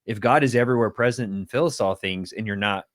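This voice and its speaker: Earnest man with a low voice. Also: brisk, dry recording, studio quality. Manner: earnest, thinks aloud with restarts. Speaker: podcast co-host. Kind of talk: casual religious conversation.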